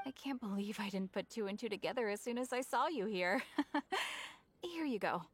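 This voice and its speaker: A woman's voice: medium pitch, animated, moderate pace, slight background noise, close to an everyday voice. A woman voicing an eager, chatty young shopkeeper in a video game, bubbly and salesy, with game music behind. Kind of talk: video game character dialogue.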